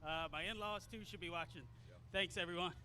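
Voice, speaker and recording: A man with a high, bright voice talks calmly about his race and runs through a list of thanks. He speaks outdoors at a track, with faint noise behind him. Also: a little fast. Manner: calm, listing thanks. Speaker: second-place driver. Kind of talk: post-race interview. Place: outdoors at a racetrack.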